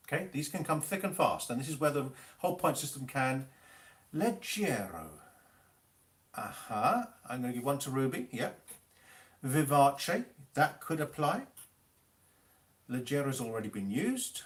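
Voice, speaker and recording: A man who teaches music hosts a live internet quiz, reading Italian terms out slowly and poking fun at players' spelling and the rules. His voice leans high.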